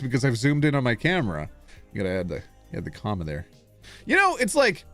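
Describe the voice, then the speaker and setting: Male streamer, casual and very animated, laughs a lot and plays up mock outrage. Dry close mic, faint music underneath. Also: mid-range voice, dry recording. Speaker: streamer reading posts. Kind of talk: casual live-stream reaction reading.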